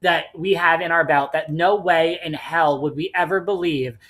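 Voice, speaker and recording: A woman's voice: sits low, fairly even intonation, normal speed, a bit bright. A woman co-hosting a casual podcast, recapping reality TV bluntly and swearing freely. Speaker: podcast co-host.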